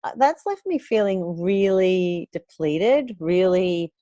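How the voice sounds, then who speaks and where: Gentle low-voiced woman, podcast co-host. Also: expressive, takes it slowly, dry recording. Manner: gentle, affirming, soft murmurs of agreement. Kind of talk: casual spiritual chat.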